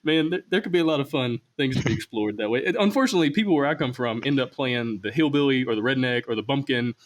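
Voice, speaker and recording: Fast-talking Southern man hosting. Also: medium pitch. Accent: Southern American. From Alabama, US Deep South. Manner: animated storyteller, acts out quotes. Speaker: podcast host. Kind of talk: casual interview.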